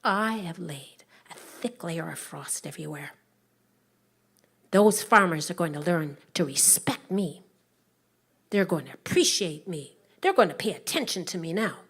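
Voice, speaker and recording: A woman's voice: on the low side, animated, unhurried, husky, full character voice. A woman storyteller voicing a sulky, proud young male frost spirit who talks petulantly. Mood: boastful. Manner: petulant, resentful.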